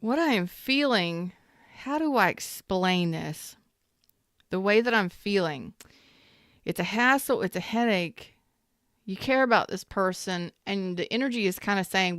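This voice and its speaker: A woman's voice: medium pitch, animated, measured pace, a bit bright, no room sound, clean studio sound. A woman giving a casual tarot reading, repeating herself emphatically and sometimes swearing. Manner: repetitive and emphatic, swears when worked up. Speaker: tarot reader.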